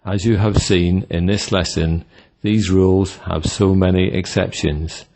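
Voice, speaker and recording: A man narrating a scripted pronunciation lesson, reading example words one by one in a measured way. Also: low voice, steady tone, a little mellow. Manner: measured, reads word lists one by one. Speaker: English pronunciation instructor.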